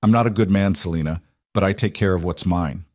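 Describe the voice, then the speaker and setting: A man voicing a weary male crime boss who speaks calmly, in clipped commands. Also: low voice, brisk, no room sound, clean studio sound.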